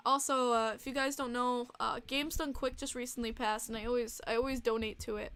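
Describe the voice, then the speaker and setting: A woman's voice: a little high, steady tone, a little slow, long pauses, fairly bright tone, clear, resonant tone. A woman hosting a casual livestream podcast, talking emotionally and rambling with many fillers and restarts. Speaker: podcast host and streamer.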